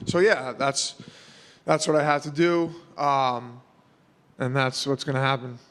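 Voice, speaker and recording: A man's voice: mid-range voice, steady tone, normal speed, fairly bright tone. Casual New man, echoey room. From New York. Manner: casual, rambling, lots of fillers. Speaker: fighter. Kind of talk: press interview answers.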